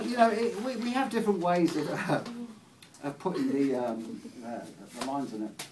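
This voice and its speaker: A man's voice: on the high side, moderate pace, crowd noise. A man from England with an English accent, doing rambling stand-up comedy. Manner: rambling and giggly. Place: small venue. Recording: distant mic in a venue, faint noise.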